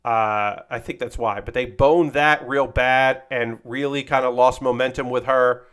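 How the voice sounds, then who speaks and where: A man's voice: medium pitch, steady tone, measured pace, fairly bright tone, smooth. A man chatting casually on his livestream, rambling and swearing freely, full of restarts and enthusiasm. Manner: rambling, profane, enthusiastic about wrestling; frequent fillers and restarts, acts out quotes animatedly. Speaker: streamer.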